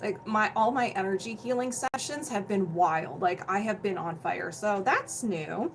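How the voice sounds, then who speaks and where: Chatting and explaining during an energy healing livestream at home, this young woman is bubbly, calls out viewers by name, laughs a lot, and feels hot and sweaty. She speaks at a measured pace in a medium pitch, and the low-quality recording carries a little hiss or hum.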